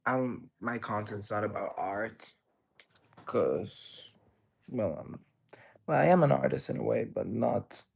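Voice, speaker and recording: A young man with a gravelly, mid-range voice and a breathy edge hosts a livestream. He reads chat messages aloud and answers them in a rambling, playful way.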